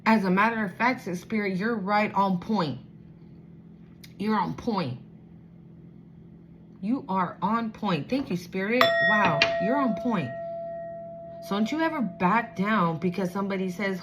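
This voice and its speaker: A woman's voice: mid-range voice, expressive, measured pace, long pauses, a bit bright, a little hiss or hum. A woman giving a casual spiritual card reading, blunt, profane and streetwise, turning emotional as she reads. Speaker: tarot reader.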